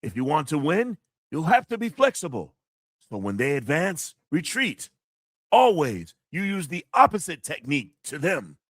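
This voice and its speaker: A man putting on the voice of a stern male kung fu master giving measured, instructive advice. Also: a little high, wildly swooping pitch, a bit bright, dry recording, clean studio sound, pitched above the performer's own voice, full character voice.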